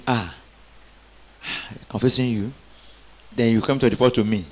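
A man's voice: medium pitch, normal speed, long pauses. A man preaching a sermon, calling on the congregation to answer back and rising into emphatic exclamations. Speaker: pastor.

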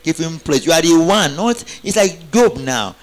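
Pastor guy preaching, call and response, gets loud and emphatic, a bit high voice. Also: expressive, moderate pace. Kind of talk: sermon.

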